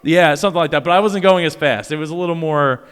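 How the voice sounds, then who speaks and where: A man's voice: a little high, quick pace, big-room sound, a crowd in the background. A man, a podcaster, talking as a guest in a casual interview, rambling with lots of fillers and restarts.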